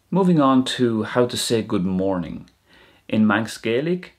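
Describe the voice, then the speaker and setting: A man narrating a language lesson, saying each word slowly and clearly and repeating it. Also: medium pitch, very animated. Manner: slow, clear word-by-word pronunciation with repetitions. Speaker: language teacher. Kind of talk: scripted educational narration.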